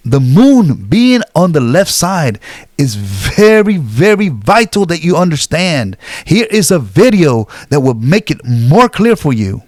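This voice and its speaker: A man's voice: on the high side, big pitch swings, measured pace, no echo. A man preaching a sermon, reading scripture aloud with emphatic, dramatic delivery.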